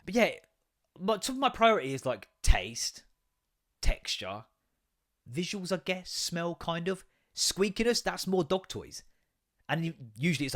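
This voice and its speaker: Sweary English podcast host ranting. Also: male voice, a little high, moderate pace. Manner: sweary, animated, laughs often. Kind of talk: casual comedic rant.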